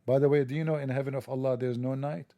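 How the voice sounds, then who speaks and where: A man's voice: mid-range voice, fairly even intonation, quick pace, warm tone, no echo. A man hosting a livestream, delivering a sarcastic, joking, mocking monologue. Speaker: livestream host.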